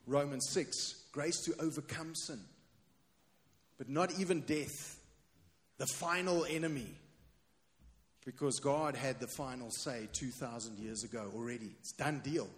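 Man, pastor, sermon, emphatic, repetitive refrains, slightly high voice, long hall echo.

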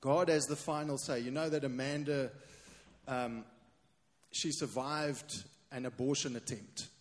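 A man preaching a sermon as pastor, emphatic and repeating his key refrain. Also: medium pitch. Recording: long hall reverb.

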